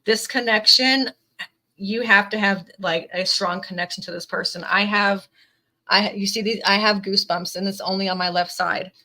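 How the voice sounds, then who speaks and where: A woman's voice: medium pitch, steady tone, normal speed, bright, forceful tone, low-quality recording. A woman giving an earnest, emotional tarot reading to camera, reading card messages aloud and filling her talk with "definitely" and "like". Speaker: tarot reader.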